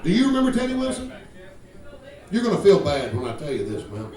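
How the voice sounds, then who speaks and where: A high, darkish-toned voice with huge pitch swings belongs to a man in his fifties delivering fairly quick, profane stand-up at a comedy club. He teases the crowd and tells drawling stories in a crowd-work routine, recorded from a distance in roomy club sound over guitar and audience laughter.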